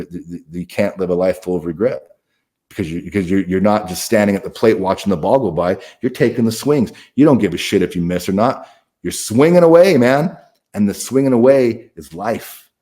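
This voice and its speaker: Middle-aged male guest, lowish pitch, candid, swears freely, stumbles and restarts. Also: mellow. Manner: blunt, profane, restarts often. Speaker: podcast guest, author. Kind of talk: candid conversational storytelling.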